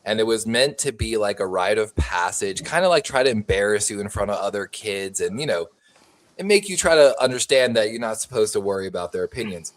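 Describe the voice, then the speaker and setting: A man's voice: on the low side, animated, brisk. A man co-hosting a sports podcast, telling stories casually, swearing and laughing as he goes. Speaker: podcast co-host. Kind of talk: casual chat.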